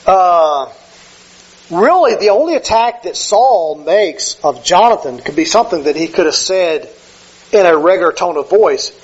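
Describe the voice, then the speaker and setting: A man's voice: high-pitched, lively intonation, a little slow, slightly rough, dull audio. A man preaching a conversational sermon, often correcting himself and acting out quoted lines. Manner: conversational, self-correcting, acts out quoted speech. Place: church sanctuary with slides.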